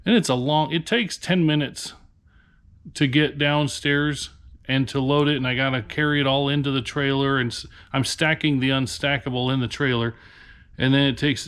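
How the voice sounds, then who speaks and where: A man's voice: mid-range voice, fairly bright tone. A man from Nebraska who resells for a living, venting to the camera in a tired, frustrated, rambling rant inside a storage unit. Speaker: reseller vlogger.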